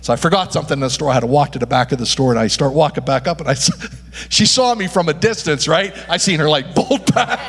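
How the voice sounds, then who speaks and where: A male pastor preaches with emphatic drive, pitched somewhat high for a man, throwing rhetorical questions out to his congregation. His voice rings through a long church-hall reverb. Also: quick pace, husky. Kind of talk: sermon.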